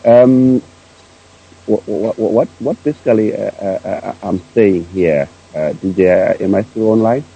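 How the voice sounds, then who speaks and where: Hesitant caller with a deep, gravelly voice. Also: male voice, measured pace, warm tone, low-quality recording. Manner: hesitant, many uhs and restarts. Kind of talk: phone-in commentary.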